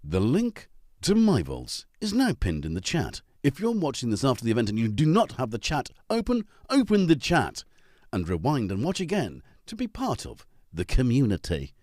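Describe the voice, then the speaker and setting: Chatty man with a lively pitch. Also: moderate pace, no echo, clean studio sound. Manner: rambling, chatty, greets viewers by name. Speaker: livestream host. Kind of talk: casual livestream chat. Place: home music studio.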